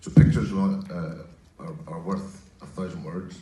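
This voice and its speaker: A fifty-year-old man speaks on a conference panel with a low voice, halting and restarting as he thinks. He is picked up from a distance in an echoey hall. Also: steady tone, mellow. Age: 50s. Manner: hesitant, with many restarts and fillers.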